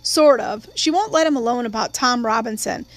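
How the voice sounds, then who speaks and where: A woman's voice: fairly high pitch, moderate pace, no room sound, close to an everyday voice. A woman reading the part of an earnest, worried young teenage boy.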